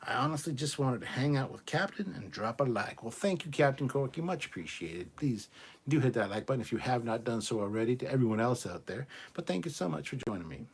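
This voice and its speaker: Husky guy hosting a livestream, reading chat and joking around, mid pitch. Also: lively intonation, a little fast. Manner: chatty, reads viewer comments aloud, loose and joking. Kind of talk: casual live chat.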